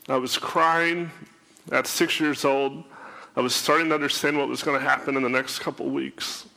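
A man sharing an emotional personal testimony, often halting and repeating his words. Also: fairly high pitch, creaky, bright, forceful tone.

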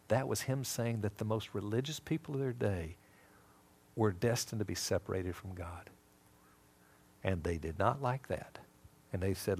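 A man's voice: lowish voice, moderate pace, creaky, slightly rough. A man teaching a Bible lesson in a sermon style, telling stories and acting out the dialogue. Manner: animated storytelling, acting out dialogue.

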